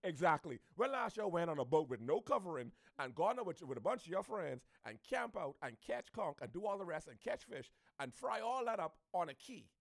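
A man from the Bahamas with a Bahamian accent, ranting to camera in an animated, preachy way, repeating his points. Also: sits high, fairly quick, vocal fry, hardly any pauses, dry recording, studio quality. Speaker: social media commentator. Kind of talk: opinionated rant to camera.

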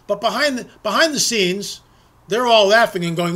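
A man's voice: high-pitched, lively intonation, brisk, sharp tone. A middle-aged man delivering an indignant political opinion monologue, ranting and firing off rhetorical questions. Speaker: political commentator.

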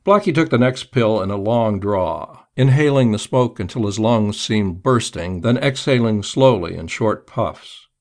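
A man reading a crime story aloud in a measured storytelling manner. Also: on the low side, lively intonation, darkish tone. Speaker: narrator. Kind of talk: audiobook narration.

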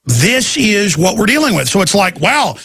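A man hosting a talk show rambles through a story, acting out the voices of everyone he quotes. His voice is gravelly, raspy and sharp-edged, and it sounds close and dry. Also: high voice, sing-song, normal speed, dry recording. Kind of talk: rambling talk-radio rant.

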